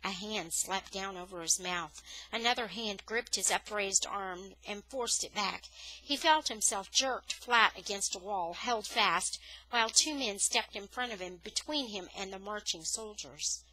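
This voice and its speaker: A woman's voice: medium pitch, measured pace, low-quality recording. A woman reading a novel aloud as a storyteller, lifting her voice on the dramatic moments. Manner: expressive storytelling, rising on dramatic words. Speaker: audiobook reader.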